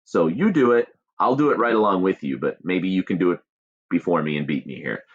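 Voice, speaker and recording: A man's voice: low-pitched, expressive, a little fast, husky, highs cut off. A male teacher giving a recorded lesson, explaining patiently and chanting stress patterns aloud.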